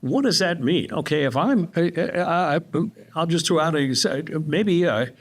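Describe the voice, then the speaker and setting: A man hosting a podcast interview, asking his questions in a halting way with many restarts. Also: fairly high pitch, expressive. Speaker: podcast host.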